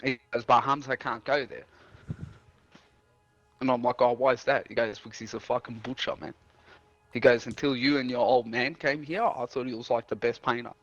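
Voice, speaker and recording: Man, casual rambling yarn, heavy swearing, acts out quotes, mid pitch, faint game music behind. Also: steady tone, moderate pace, dry recording, dull audio. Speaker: streamer and house painter. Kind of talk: casual storytelling chat.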